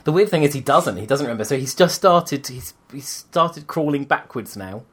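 A man's voice: a little high, animated, moderate pace, fairly bright tone, breathy edge. A man, co-hosting a podcast and telling a story in wry, exasperated casual chat. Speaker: podcast co-host.

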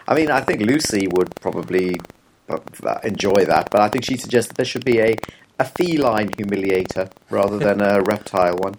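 A man co-hosting a podcast, chatting casually with dry, deadpan humor. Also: on the low side, a little fast, background noise. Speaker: podcast co-host. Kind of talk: casual chat.

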